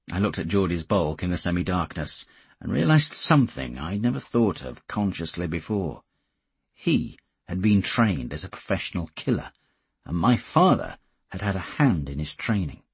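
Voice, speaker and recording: Deep-voiced, very husky male narrator. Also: sing-song, moderate pace, no room sound. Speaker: audiobook narrator. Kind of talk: scripted audiobook narration.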